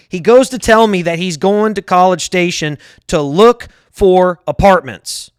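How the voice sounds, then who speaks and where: A man's voice: high-pitched, a little slow, hardly any pauses, clean tone, no echo, studio quality. A man in his thirties hosting his own show, venting in a heated, profane monologue and often repeating himself. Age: 30s. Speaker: show host. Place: lives in Harris County, Texas.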